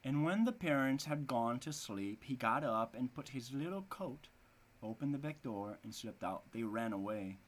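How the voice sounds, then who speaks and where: A man's voice: mid-range voice, moderate pace. A man with a Brazilian Portuguese accent, an English teacher reading a story aloud and stopping to explain words. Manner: relaxed, explains words as he goes.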